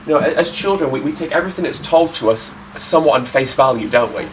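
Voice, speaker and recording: A man's voice: fairly high pitch, fast, slight background noise, rough recording. Young man telling a story to an audience. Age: 20s. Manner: candid storytelling with rhetorical tag questions. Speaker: speaker. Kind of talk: public talk to an audience. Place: talk venue with an audience.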